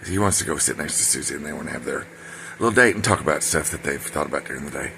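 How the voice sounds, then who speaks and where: A man's voice: very deep voice, lively intonation, fast, gravelly, pushed and bright, slight background noise. A man telling a personal story in a casual, rambling way, full of fillers and side remarks. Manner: rambling, digressive, many fillers and asides.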